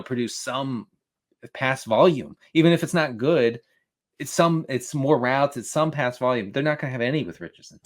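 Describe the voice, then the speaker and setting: A man co-hosting a casual fantasy football podcast, talking with quick restarts, stammers and frequent laughs. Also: mid-range voice. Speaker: fantasy football analyst co-host.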